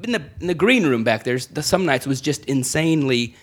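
A middle-aged male stand-up comedian swaps stories in a loose, casual chat. He rambles, restarts his sentences and circles back as he talks, at an ordinary pitch for a man. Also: big pitch swings, brisk. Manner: rambling storyteller with frequent restarts.

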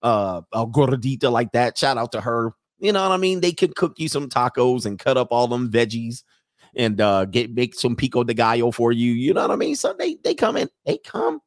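A man hosting a casual live commentary stream, loud and joking, with slangy asides and drawn-out exclamations. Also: mid-range voice, expressive, no echo, clean studio sound. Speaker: livestream commentary host.

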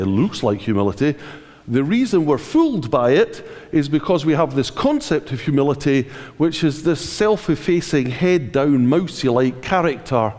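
A man's voice: fairly high pitch, very animated, normal speed, a little mellow. A man preaching a sermon in an emphatic, conversational way, asking the congregation rhetorical questions. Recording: reverberant hall.

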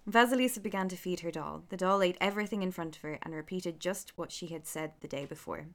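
A woman reading a folk tale aloud, with relaxed, chatty asides. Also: lowish voice, quick pace. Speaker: storyteller.

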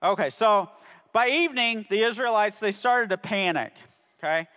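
In a hall with long reverb, a man with a high, sharp-toned voice teaches kids a Bible story at normal speed. As a ministry teacher, he keeps asking "okay?" to make sure they're following.

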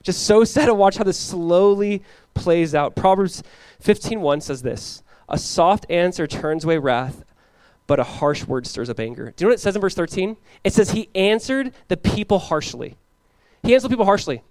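Man, pastor, sermon, fairly high voice, lively delivery, dry sound. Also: no room sound. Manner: animated, acts out biblical characters in quick voices. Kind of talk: expository sermon.

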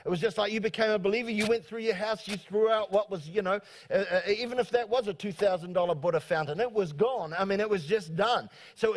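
A middle-aged male pastor preaching a sermon in a church, who stumbles and repeats words and calls out for amens from the congregation. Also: sits high. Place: church sanctuary.

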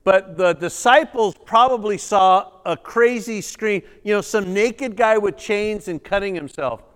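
A male pastor preaching a sermon, reading scripture dramatically and breaking into animated asides to the congregation. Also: high-pitched, measured pace, clean tone. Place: church sanctuary. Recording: reverberant church hall.

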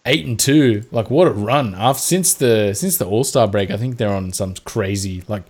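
A man's voice: fairly low pitch, normal speed. An Australian man co-hosting a podcast, chatting casually and animatedly about basketball, swearing freely and acting out mock quotes. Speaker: podcast co-host. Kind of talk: casual sports chat.

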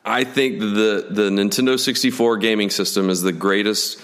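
A man hosting a podcast, asking relaxed, drawn-out questions. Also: lowish voice. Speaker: podcast host. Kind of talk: interview questions, casual.

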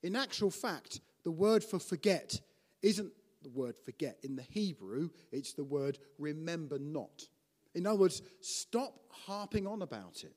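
A man preaching a teaching sermon in an animated way, often restarting and putting questions to his listeners. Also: a little high, unhurried, in a large hall.

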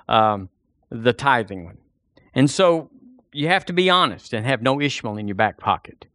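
A man's voice: medium pitch, fairly bright tone, no room sound, studio quality. A man preaching a sermon as pastor, folksy and storytelling, acting out the voices of the people in his stories.

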